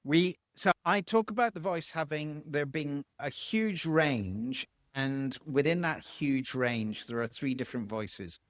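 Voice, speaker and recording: A man, a voice coach explaining vocal tones in an interview, demonstrating by swinging his pitch high and low. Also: unhurried, hardly any pauses, fairly bright tone, no room sound, clean studio sound.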